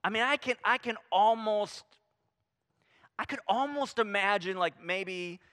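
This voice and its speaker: A man preaching a sermon, animated and conversational, acting out quoted voices and dropping to a hush for emphasis. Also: high voice, unhurried. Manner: animated, swings from loud emphasis to hushed near-whisper; acts out quoted voices, casual fillers like "I mean" and "right?". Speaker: pastor.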